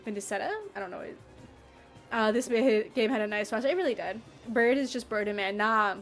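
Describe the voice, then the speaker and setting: A playful woman chats casually with her livestream audience, her voice sitting a little high. She bounces between mock outrage and easy laughter as she reacts to viewers. Faint music plays behind her. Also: a little fast, a bit bright. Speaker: streamer reading chat.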